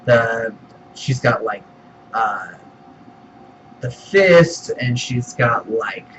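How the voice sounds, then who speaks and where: A man's voice: medium pitch, animated, extremely slow, fairly bright tone, dull audio, a little hiss or hum. A man giving a profane, exasperated film review as a ranting reviewer, swearing often and mocking what others say. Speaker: movie reviewer.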